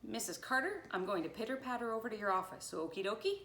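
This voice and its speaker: A woman's voice: fairly high pitch, sing-song, fast talker, a bit bright, slight background noise, pitched above the performer's own voice. A woman reading aloud puts on a jolly man who runs the school, full of folksy cheer. The voice rings in a roomy, echoing space. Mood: cheery. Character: jolly male school principal. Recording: roomy echo.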